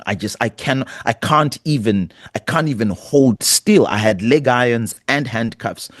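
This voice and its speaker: A man's voice: on the low side, dry recording, studio quality. A middle-aged man, a pastor, earnestly telling a personal story in an interview. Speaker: pastor and guest.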